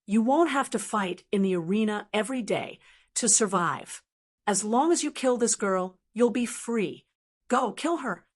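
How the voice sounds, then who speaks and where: A woman's voice: mid-range voice, expressive, a little slow. A woman voicing a cruel, mocking male demon who taunts and coldly commands in an audiobook. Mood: coaxing.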